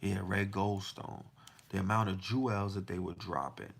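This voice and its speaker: Gravelly low-voiced man ranting hard. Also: moderate pace. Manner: emphatic and profane, firing rhetorical questions. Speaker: podcast host. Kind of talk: heated casual monologue.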